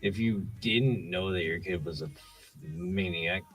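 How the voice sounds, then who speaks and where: A man co-hosting a podcast, chatting in a relaxed, reflective way. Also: low voice, a little slow, husky, faint music behind. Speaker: podcast co-host. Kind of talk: casual chat.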